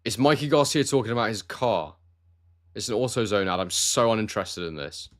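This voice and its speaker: Man, neutral southern English accent, low voice, casual live stream host, relaxed and chatty. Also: brisk. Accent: neutral southern English, no regional trace. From Scotland. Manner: relaxed, chatty, addresses viewers as mate. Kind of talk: casual live stream chat reading comments. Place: warm room at home.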